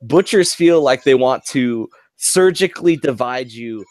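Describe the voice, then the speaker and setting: A man's voice: medium pitch, expressive, a little slow, darkish tone. A man in casual chat on a painting stream, rambling and explaining with lots of fillers. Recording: noisy mic with clicks.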